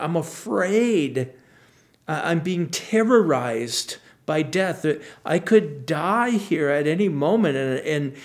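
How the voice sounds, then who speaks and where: Pastor guy doing a slow chatty bible talk, slightly high voice, earnest, keeps restarting his sentences. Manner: conversational and earnest, with frequent restarts and soft asides. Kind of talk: devotional Bible teaching.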